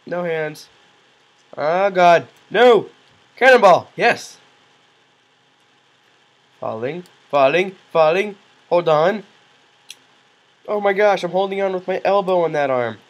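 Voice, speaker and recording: A man doing goofy, excitable let's play commentary, yelling reactions and cracking self-mocking jokes. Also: sits high, slow pace, long pauses, rough recording. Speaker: gaming commentator.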